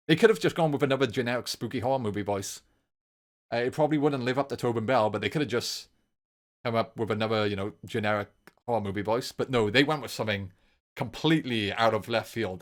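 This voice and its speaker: A man's voice: on the low side, fast. A man giving a long, rambling solo film review, informal and enthusiastic, circling back to repeat his points over and over.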